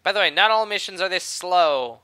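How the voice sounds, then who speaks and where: A man's voice: high-pitched, expressive, fairly quick, pushed and bright, clear, resonant tone. A young man doing casual let's-play commentary, rambling and sarcastic, talking back at the game. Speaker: gameplay commentator.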